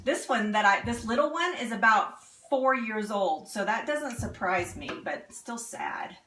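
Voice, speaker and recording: A woman's voice: a little high, animated, a little slow, pushed and bright, soft background music. A woman hosting a live cooking demonstration in her home kitchen, chatty and upbeat, laughing often. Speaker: cooking show host.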